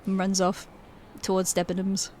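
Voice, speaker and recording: A woman's voice: medium pitch, completely flat delivery, moderate pace, a little mellow. A woman narrating a tabletop game as game master, casual and giggly.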